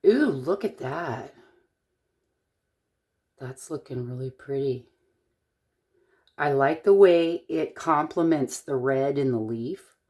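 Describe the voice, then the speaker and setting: Middle-aged woman from eastern washington, really low voice, slow easy pace, chatty and a bit corny while she shows a craft. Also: lively intonation, warm tone. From Eastern Washington, USA. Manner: chatty, thinks aloud, corny jokes. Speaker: jewelry-making tutorial host. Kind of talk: casual crafting demonstration.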